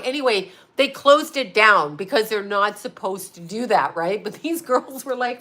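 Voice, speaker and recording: A woman vlogger telling a story to her viewers in a casual, animated way, swearing freely and laughing often. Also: medium pitch, a little slow, few pauses.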